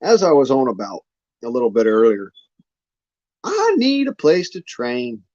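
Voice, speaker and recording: A man's voice: mid-range voice, huge pitch swings, measured pace, a little mellow, no room sound. Profane, folksy man with a muffled sound. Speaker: vlogger. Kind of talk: casual rambling monologue.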